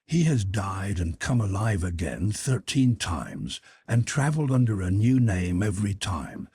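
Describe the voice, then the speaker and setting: A man's voice: fairly low pitch, very animated, a little slow, mellow, husky, no echo, heavily acted. A man voicing a brash, scoffing grown man who blusters and mocks, in an audiobook reading. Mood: boastful. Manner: blustering, mocking.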